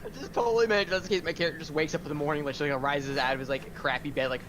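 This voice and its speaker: A man's voice: fairly high pitch, steady tone, rapid-fire, noisy background. A man playing in a casual tabletop role-play game, joking and rambling. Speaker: player.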